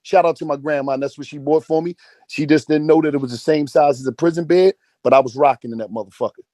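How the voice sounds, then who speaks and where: Man in his forties, rapid and raised, preaching hustle with relentless profanity. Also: a little high, fairly even intonation, warm tone, no room sound, clean studio sound. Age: 40s. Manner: profane, emphatic, repeats phrases for emphasis. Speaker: speaker in an online audio chat room. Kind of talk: motivational rant.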